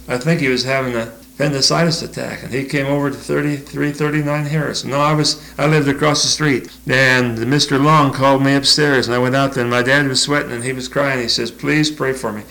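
A man's voice: mid-range voice, steady tone, a little fast, gravelly, fairly bright tone, poor audio. An older man giving an informal sermon, telling homely stories, reading scripture and chuckling often as he talks. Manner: folksy, chuckling often, reads scripture aloud. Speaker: preacher.

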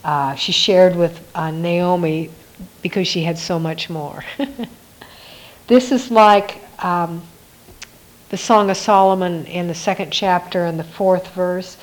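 A woman giving a reflective devotional Bible teaching, musing aloud with soft laughs. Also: on the low side, fairly even intonation, slow pace, rough recording.

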